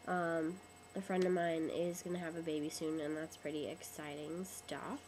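A woman's voice: low-pitched, level tone, normal speed, darkish tone, slight background noise, low-quality recording. A young woman who is sick and losing her voice, chatting in a rambling, casual webcam vlog. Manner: chatty, rambling, lots of ums. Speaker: vlogger.

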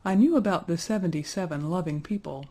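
A brave, modest young man from a storybook, as a woman reads him. He speaks softly and earnestly in a low, husky voice with a dark tone. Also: fairly quick.

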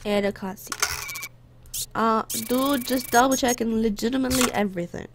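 A woman's voice: fairly high pitch, moderate pace, gravelly, noisy background. A woman casually commenting on her gameplay, talking to the characters and slipping into playful put-on accents. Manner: talks to game characters as a border guard. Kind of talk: casual let's play commentary.

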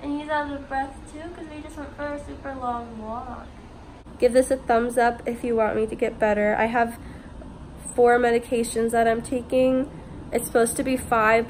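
Woman vlogger, casual chatty delivery, slightly high voice, lots of fillers. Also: darkish tone, slight background noise. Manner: chatty, fills with "like" and "literally". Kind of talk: casual vlog chat to camera.

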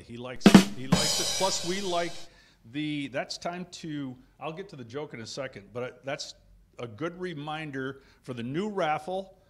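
A man hosting a casual company show, joking, laughing often and wandering into asides. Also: fairly high pitch. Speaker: host. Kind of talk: casual chat.

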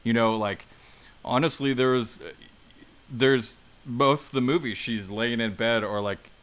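A man's voice: mid-range voice, measured pace, a bit bright. A man hosting a casual film podcast, summarizing in an easygoing way with many fillers. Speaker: podcast host.

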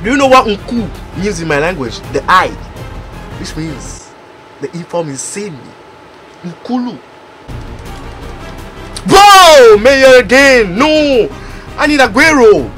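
A man with a very high voice gives gaming commentary as he opens packs. He is excitable and bursts into loud exclamations, with his pitch leaping all over. Between the outbursts his delivery is unhurried, with soft music behind him. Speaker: gaming YouTuber. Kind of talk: pack-opening gameplay commentary.

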